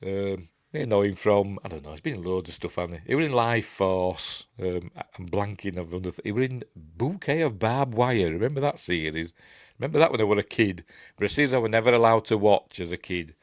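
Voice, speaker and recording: A man's voice: fairly low pitch, expressive, a little fast, dry recording, studio quality. A Yorkshire man in his fifties giving a rambling, chatty running commentary as he reviews a film, with frequent asides and self-corrections.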